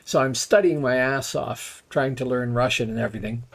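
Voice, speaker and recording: A man's voice: medium pitch, brisk, creaky. A middle-aged man casually telling rambling, wry stories while playing a game on a live stream. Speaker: gaming streamer.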